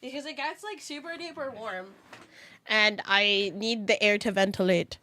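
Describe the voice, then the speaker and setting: A young woman from the Philippines hosting a stream, chatting excitedly in a bubbly, giggly way while she watches along. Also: mid-range voice, normal speed. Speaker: streamer host. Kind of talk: casual watchalong commentary.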